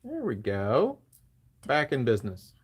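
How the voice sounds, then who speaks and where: A woman's voice: a bass voice, huge pitch swings, unhurried, slightly rough. A woman co-hosting a live sewing show, relaying viewer comments in an easygoing way. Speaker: co-host reading viewer comments. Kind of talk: casual live chat.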